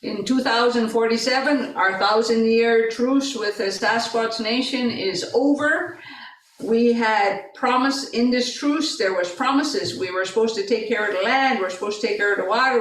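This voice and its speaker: A middle-aged woman telling a story aloud, animated and acting out the voices in her quotes. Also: fairly high pitch, moderate pace, slight background noise. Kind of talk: oral storytelling. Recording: roomy, mic at a distance.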